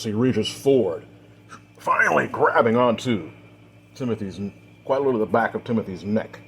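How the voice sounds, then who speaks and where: Low-voiced male storyteller. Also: slight background noise. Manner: repetitive linking phrases, swelling on action beats. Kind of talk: dramatic fiction narration.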